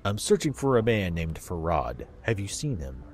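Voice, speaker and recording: A man voicing a grim male wanderer who asks short, quiet questions in a lowered voice. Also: very animated, moderate pace. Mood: terse.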